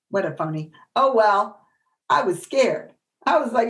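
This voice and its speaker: A middle-aged woman presenting a workshop, telling animated stories and acting out the voices of people she quotes. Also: fairly high pitch, measured pace. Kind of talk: storytelling lecture.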